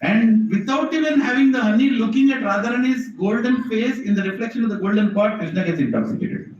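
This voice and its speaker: A man telling a devotional story to a temple audience, animated and often asking the audience questions. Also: sits high, fairly quick, a little hiss or hum. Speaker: preacher. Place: temple hall. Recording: echoey hall, distant mic, dull sound.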